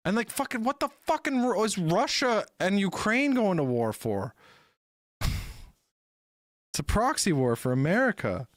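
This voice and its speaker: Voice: mid-range voice, very animated, unhurried, long pauses, no echo, clean studio sound. A streamer reacting to a video in casual, rambling talk, full of swearing and restarts. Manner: rambling, profane, many restarts.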